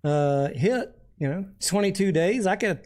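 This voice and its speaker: A man's voice: high-pitched, lively intonation, unhurried, a little mellow. A man hosting a casual livestream, chatting and joking while reading viewer comments aloud. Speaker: livestream host.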